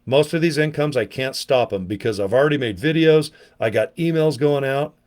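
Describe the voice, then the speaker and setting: A middle-aged man giving a casual, pushy sales pitch to camera outdoors, talking folksy and checking in with "okay?" and "guys". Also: moderate pace, darkish tone. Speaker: online business vlogger. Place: outdoors, windy.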